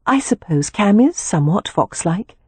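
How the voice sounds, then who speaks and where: A woman reading an audiobook, voicing a lively young woman who is amused and a little skeptical. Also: medium pitch, moderate pace, husky, no echo, pitched above the performer's own voice. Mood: wry. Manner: wry and teasing.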